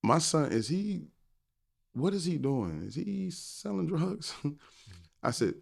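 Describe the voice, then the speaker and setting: Slow and creaky, with a voice on the high side, a middle-aged man tells an animated story as a podcast guest. He's a finance professor who voices the people in his tale and laughs a lot.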